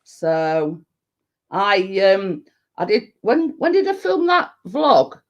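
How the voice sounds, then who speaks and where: A woman's voice: medium pitch, very animated, takes it slowly, dull audio. Chatty woman hosting. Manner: chatty, laughs easily, rambling stories. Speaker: live stream host. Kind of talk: casual chat.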